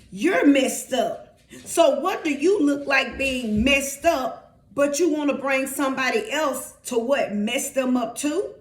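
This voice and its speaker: A woman's voice: high voice, fairly bright tone, echoey room. A woman preacher delivering an emphatic, repetitive sermon.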